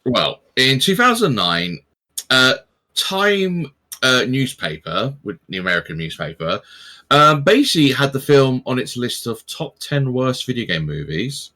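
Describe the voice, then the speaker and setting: Man, podcast co-host, casual chat, animated up-and-down pitch, sarcastic, swears a lot. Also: measured pace. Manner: swearing, sarcastic, lively storytelling.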